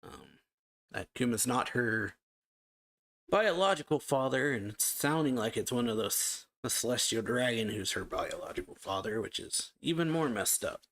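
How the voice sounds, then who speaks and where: A man's voice: mid-range voice, animated, moderate pace, fairly bright tone. A man hosting a reaction video, casually chatting and reading aloud, loose with fillers like "so yeah". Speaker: anime reaction host. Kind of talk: casual chat summarizing and reading a manga chapter.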